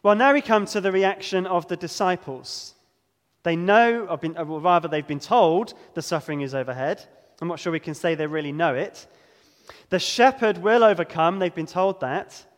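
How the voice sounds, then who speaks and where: A man preaching a sermon, earnest and emphatic, slowing down to stress key words. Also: sits high, in a large hall.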